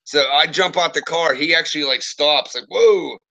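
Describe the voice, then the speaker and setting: A man's voice: fairly high pitch, normal speed, poor audio. A man in his thirties casually telling profane stories in a live chat, acting out the people in them. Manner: profane, animated storyteller with lively quoted voices.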